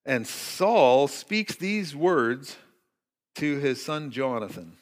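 A middle-aged male pastor preaching a morning sermon, telling a story with lively asides and occasional jokes. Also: mid-range voice, very slow. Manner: storytelling, animated, jokey asides. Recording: reverberant hall.

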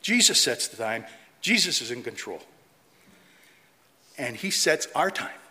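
A middle-aged man preaching a sermon in an animated way, mocking opponents' voices and reading scripture aloud. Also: mid-range voice, measured pace. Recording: long hall reverb.

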